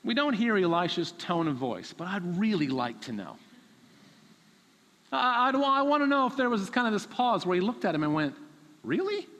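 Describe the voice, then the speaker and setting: A man's voice: sits high, sing-song, moderate pace, a bit bright, in a large hall. A man preaching a sermon, telling a story animatedly and acting out the characters.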